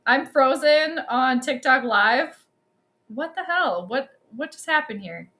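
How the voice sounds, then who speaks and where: A young woman hosting a livestream, giving chatty and excitable commentary on a basketball game straight to her viewers. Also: high voice, unhurried. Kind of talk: casual live commentary.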